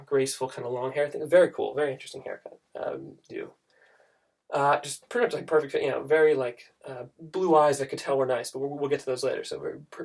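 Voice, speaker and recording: A man's voice: medium pitch, gravelly, a little mellow. A young man telling a comic story straight to camera in a rambling, self-interrupting way.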